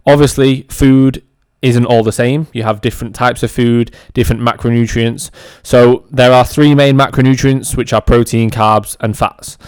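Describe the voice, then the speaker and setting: A man's voice: mid-range voice, a little mellow, clean tone, no echo. A man hosting a podcast, explaining a topic in a loose, conversational way with frequent ums and restarts. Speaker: podcast host. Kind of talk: educational monologue. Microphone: audio-only recording.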